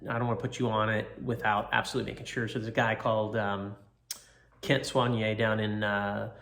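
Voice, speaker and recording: A man's voice: fairly low pitch, flat delivery, a little fast, gravelly, fairly bright tone, echoey room. A man casually telling a long story in a rambling, self-deprecating way. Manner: rambling, self-deprecating, quotes people in their own voices. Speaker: motorcycle track rider recounting a crash.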